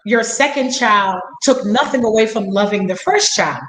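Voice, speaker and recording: A woman's voice: mid-range voice, moderate pace, a bit bright. A woman in her fifties hosting a casual conversation, telling stories animatedly and acting out the dialogue. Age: 50s. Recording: echoey room.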